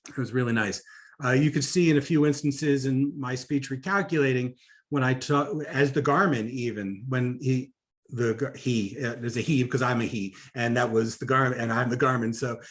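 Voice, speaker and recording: A man giving a conversational conference talk on public speaking, animated, with frequent fillers and asides. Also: mid-range voice, moderate pace.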